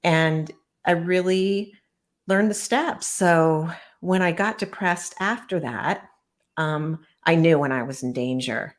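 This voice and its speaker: A middle-aged woman, a guest author, recounting painful memories in an earnest, measured way during an interview. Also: lowish voice. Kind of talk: personal storytelling interview.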